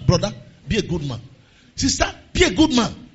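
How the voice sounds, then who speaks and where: A Nigerian man preaches in a church service, his voice high, very bright and husky. He moves between quiet, plain talk and shouted prayer, with a lively, swooping pitch. The recording sounds dull and lo-fi. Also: normal speed. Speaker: pastor. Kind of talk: sermon with prayer.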